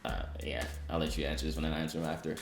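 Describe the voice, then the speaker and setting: A man's voice: very deep voice, steady tone, racing, vocal fry, reverberant, faint music behind. A young man co-hosting a couple's vlog, chatting casually and playfully. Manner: playful, laughs often. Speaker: vlog co-host. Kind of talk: casual chat.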